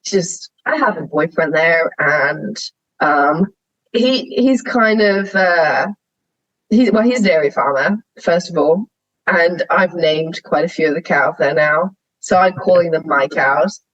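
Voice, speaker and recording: A young woman who shears sheep is a guest on a podcast, speaking frankly and animatedly and laughing often as she tells stories in a candid interview. Her voice is lowish and fairly bright, with a measured pace. The lo-fi recording has no room sound.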